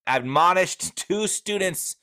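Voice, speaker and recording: A man's voice: high-pitched, expressive, takes it slowly, pushed and bright. A man co-hosting a casual sports podcast, reading facts aloud with jokey asides and laughs. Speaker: podcast co-host.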